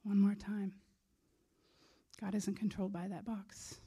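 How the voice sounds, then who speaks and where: A woman's voice: medium pitch, flat delivery, a little slow, dark tone, husky. A woman preaching a sermon in an earnest, conversational way.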